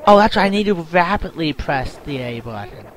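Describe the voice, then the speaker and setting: A man's voice: fairly high pitch, expressive, a little fast. A young man giving casual, self-mocking commentary while playing a game, yelping and groaning at it. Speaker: let's play gamer. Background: game music.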